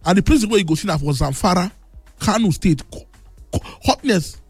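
A man's voice: high-pitched, lively intonation, fairly quick, husky, dry recording, soft background music. A man from Nigeria with a Nigerian Pidgin English accent, talking as a radio host in boastful, teasing banter. He is a bit under the weather, and his voice sounds thick. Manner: brash, teasing, loud boasting.

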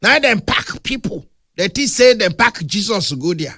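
Animated Nigerian preacher man. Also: high voice, normal speed, no echo, clean studio sound. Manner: animated, humorous storytelling with playful big words. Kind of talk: sermon in Nigerian Pidgin.

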